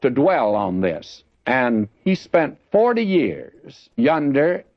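A man's voice: medium pitch, very animated, takes it slowly, dry recording. A man giving a folksy, conversational Bible teaching, often addressing listeners as friends. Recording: dull lo-fi dry recording.

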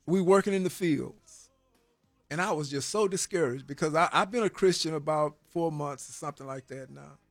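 Speaking at a normal pace in a slightly high voice, a man testifies emphatically about finding faith while in prison. Stirred, he repeats words and keeps adding "man," his rhythm like a preacher's. Soft music plays, and there's no room sound.

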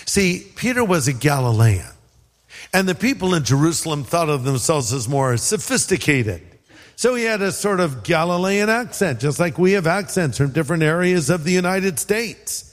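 A man's voice: sits high, expressive, normal speed, in a large hall. A man from California preaching a sermon in a conversational way, acting out quotes and adding asides. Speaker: pastor.

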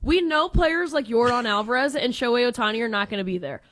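Woman, radio co-host, high voice, opinionated, animated. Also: fast talker. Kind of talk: casual sports radio chat.

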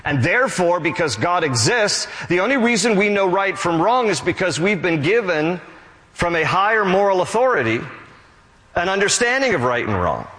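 Casting: male pastor, slightly high voice, lively sermon delivery, long hall reverb. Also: normal speed. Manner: animated preaching, reads scripture aloud.

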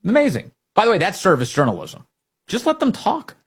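A man hosts a political talk radio show, mocking and emphatic in tone. His voice is husky and sits a bit high. His pitch swings widely as he presses each point. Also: wildly swooping pitch, fairly quick.

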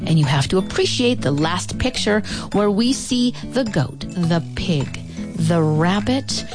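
A woman reading a picture book aloud in an expressive storytime voice, lingering over lists. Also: fairly low pitch.

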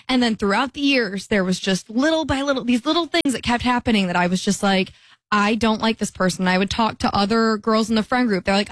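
A young woman with a fairly high voice chats freely on a podcast, slipping into quoted voices as she tells stories. The sound is dry and close, with no room around it. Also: no room sound. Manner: chatty, acts out quoted voices. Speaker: podcast co-host. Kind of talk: casual chat.

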